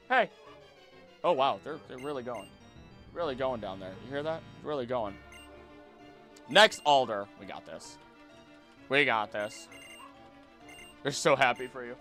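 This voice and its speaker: A young man casually commenting on his gameplay while he streams, chatty and animated, with sudden loud outbursts. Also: medium pitch, normal speed, long pauses, faint music behind. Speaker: streamer playing a video game.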